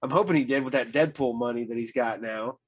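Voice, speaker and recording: A man's voice: mid-range voice, fast talker, slightly rough. A man hosting a podcast, telling rambling anecdotes in a casual chat, full of fillers and acting out what people said. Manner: rambling storyteller, acts out quoted voices, many fillers. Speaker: podcast host.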